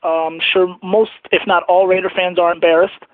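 A man's voice: high-pitched, little pitch movement, moderate pace, no echo. A man in his twenties leaving an angry, disgusted voicemail about his team's loss. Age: 20s. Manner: angry, disgusted fan venting. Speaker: caller. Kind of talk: voicemail rant. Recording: tinny phone line, dry.

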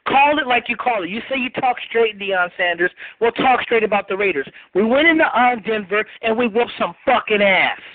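A man's voice: high voice, expressive, normal speed, hardly any pauses, no echo. A male caller ranting indignantly and with lots of swearing in a voicemail. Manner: indignant, profane rant. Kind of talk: angry fan voicemail. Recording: tinny phone line.

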